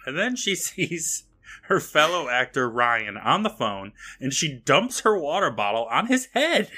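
A man co-hosting a podcast, recapping a TV episode in a lively, casual way. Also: fairly high pitch, unhurried, husky. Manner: lively retelling with frequent laughs. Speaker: podcast co-host.

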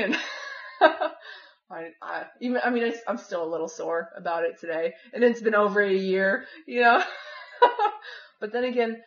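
Chatty woman rambling through a story. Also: medium pitch. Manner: rambling, heavy use of "like" and "you know". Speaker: former volunteer living with a host family. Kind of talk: casual personal storytelling. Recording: dull, echoey room recording.

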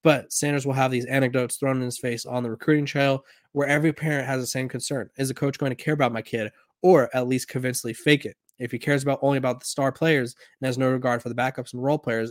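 A man's voice: mid-range voice, no echo, studio quality. A man hosting a sports talk show, reading an article aloud and then commenting in a casual, rambling way with restarts, with a slight Southern accent.

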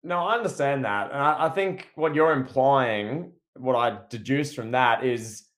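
A young man co-hosting a casual wrestling chat, teasing his co-host with mock outrage and quick asides. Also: medium pitch, a bit bright. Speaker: podcast co-host.

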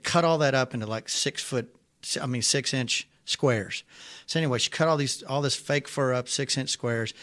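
Man, guest storyteller, casual, laughs a lot, middle pitch. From Arkansas. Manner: animated, laughs often while telling.

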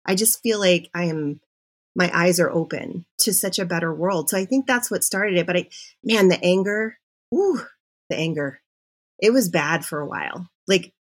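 A middle-aged woman, a podcast guest, telling her personal story in an animated, confessional way. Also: fairly low pitch, moderate pace, husky. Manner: animated and confessional, with self-interruptions.

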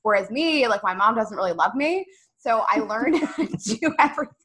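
A woman's voice: fairly high pitch, lively intonation, a little fast, fairly bright tone. A woman in her thirties, a podcast guest, talking frankly and bluntly about dating in casual comedic chat. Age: 30s.

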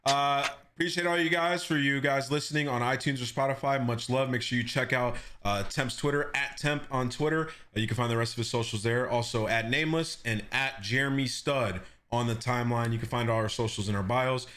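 A man hosting a podcast, chatting casually in relaxed, slangy banter. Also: mid-range voice, a little fast, hardly any pauses. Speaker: podcast host. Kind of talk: casual chat.

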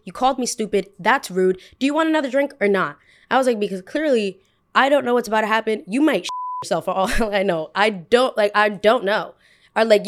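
Young woman host, casual storyteller, animated, voices the people in her story. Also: fairly high pitch. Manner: animated, acts out both sides of a dialogue. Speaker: podcast host.

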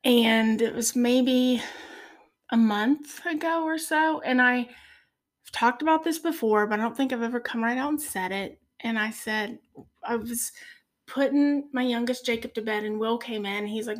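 A woman in her forties tells her story of faith as a podcast guest. Her voice sits a little high and soft, and it sometimes falls almost to a whisper. She speaks earnestly and with feeling. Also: measured pace. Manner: earnest, tearful at moments. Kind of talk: personal faith testimony.

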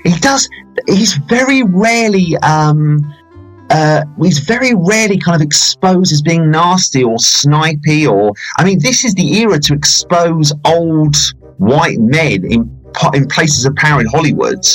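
A man with a husky, slightly breathy voice, talking films in a loose, rambling podcast chat. He leans on fillers and trails through his sentences. Faint music plays underneath. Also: on the high side, lively intonation, a little slow, low-quality recording. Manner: rambling, with fillers and playful banter. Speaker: film reviewer.

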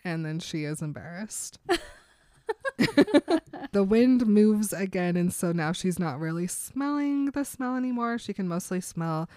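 A woman recapping a book in casual chat, telling the story in an animated way. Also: on the low side, a little slow, no echo, studio quality. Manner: animated storytelling, laughs often.

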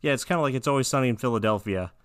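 A man's voice: medium pitch, rapid-fire, clean tone, no echo, clean studio sound. A man co-hosting a casual podcast chat, narrating cartoon plots and laughing often. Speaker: podcast co-host.

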